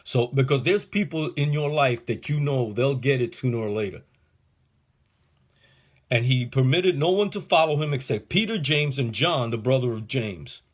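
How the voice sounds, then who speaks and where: A man's voice: medium pitch, moderate pace. A male pastor teaching a Bible passage verse by verse, speaking in a casual, slangy way that rises into fervent preaching. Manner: casual, slangy, animated, building to fervor.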